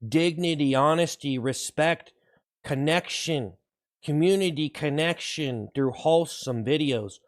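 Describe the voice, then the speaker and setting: A man hosting a livestream, shouting repeated whoops between slow, sarcastic slogans praising himself to his viewers. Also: a little high. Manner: sarcastic, ironic self-praise. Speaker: livestream host. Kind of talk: mock-hype livestream chat with viewers.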